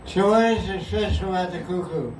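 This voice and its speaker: A man's voice: sits high, a little fast, background noise. A man teaching a group in a casual, playful way, often laughing and mimicking sounds as he goes. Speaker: teacher explaining verses. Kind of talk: casual class talk. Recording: echoey room, from far off.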